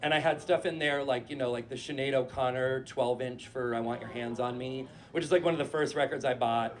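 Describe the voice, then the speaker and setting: A man in his forties from New Hampshire, telling a casual, profane and animated story on stage before a live audience. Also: mid-range voice, fairly quick.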